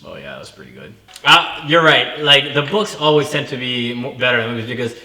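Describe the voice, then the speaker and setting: Forceful, cursing man in an echoey room. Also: mid-range voice, expressive, brisk, faint music behind. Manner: swears freely, laughs easily. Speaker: co-host. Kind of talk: casual chat.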